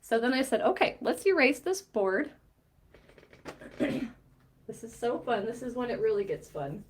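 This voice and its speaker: A middle-aged woman, a mindset coach, explaining a diagram and retelling a coaching conversation in a lively storytelling way. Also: a little high, a little slow, a little hiss or hum. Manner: animated storytelling, quoting both sides of a conversation with light laughs. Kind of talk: explaining a coaching diagram while recounting a session.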